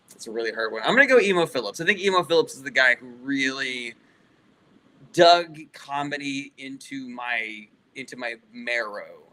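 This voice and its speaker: A man's voice: mid-range voice, pushed and bright, slight background noise, rough recording. A male comedian casually answering live chat questions, loose and profane, reading each question aloud before he answers.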